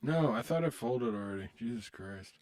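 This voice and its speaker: A man's voice: medium pitch, lively intonation, moderate pace, darkish tone. A man streaming online poker, muttering about his hands and chatting with viewers in a loose, joking way. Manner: muttering to himself, swearing, then chatting upbeat with viewers. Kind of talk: casual live-stream commentary.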